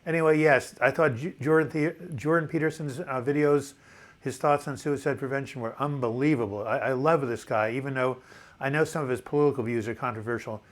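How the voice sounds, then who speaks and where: A man's voice: medium pitch, fairly quick. Older male host, seventies, chatty and upbeat, reads comments aloud, stumbles and restarts words. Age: 70s. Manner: chatty, enthusiastic, repeats words when restarting. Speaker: live chat host. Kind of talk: casual live chat reading viewer comments.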